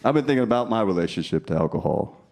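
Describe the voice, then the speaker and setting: A man's voice: lowish voice, animated, very fast, gravelly, a little mellow. A man in his thirties doing a stand-up comedy routine on a club stage, talking brashly with profane crowd work. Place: comedy club stage before a laughing audience. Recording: live club sound with audience noise. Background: audience laughter.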